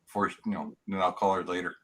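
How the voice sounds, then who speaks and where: A man with a husky voice, bantering and teasing in a casual online chat. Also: low voice, fairly even intonation, fast.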